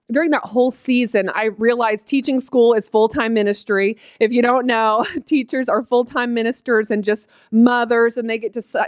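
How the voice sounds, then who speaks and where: A woman in her late thirties from the Oklahoma panhandle, USA, gives a personal testimony as a guest speaker. Her voice is on the high side with a clean tone and no echo. She's chatty and emotional, tearful at times, and uses lots of fillers.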